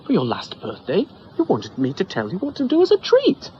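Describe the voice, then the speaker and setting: A man voicing a fussy, proper middle-aged mother who scolds in a shrill, raised voice. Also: huge pitch swings, brisk, muffled recording, slight background noise. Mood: scolding.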